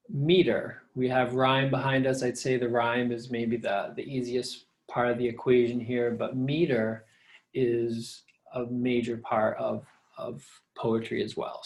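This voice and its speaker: Middle-aged prof guy, gravelly voice, patient lecture walking through examples. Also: mid-range voice. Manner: patient, explains step by step with examples. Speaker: professor. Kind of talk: recorded lecture on poetry.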